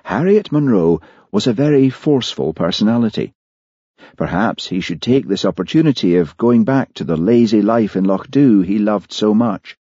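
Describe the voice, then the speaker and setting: A man giving scripted narration of an audiobook in a measured storytelling manner. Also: fairly low pitch, expressive, mellow, no echo. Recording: dull lo-fi audiobook recording.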